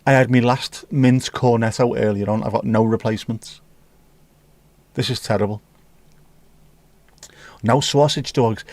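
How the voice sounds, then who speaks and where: A man's voice: mid-range voice, steady tone, measured pace, long pauses, a little mellow, dry recording. A man hosting a livestream, chatting casually and teasing as he reads out viewer comments with sweary banter. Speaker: livestream host.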